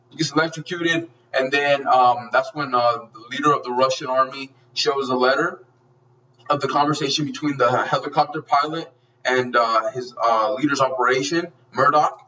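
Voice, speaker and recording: A man's voice: mid-range voice, pushed and bright, recorded from a distance, lo-fi sound. A man giving a casual spoken movie review, gushing and swearing freely as he rambles through the plot with many restarts.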